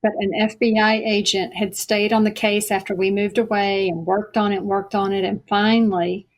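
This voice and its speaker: Speaking in a mid-range, level voice, a middle-aged woman reflects sincerely on her personal testimony while guesting on a podcast. She slows her pace to stress key points.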